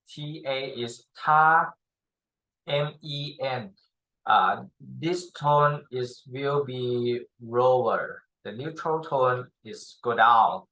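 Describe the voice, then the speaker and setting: A male tutor whose first language is Thai explains a lesson very slowly, in halting English full of pauses and fillers. His voice sounds bright and forward. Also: mid-range voice, rough recording. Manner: halting, many fillers and restarts, non-native English. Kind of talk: slow spoken language lesson.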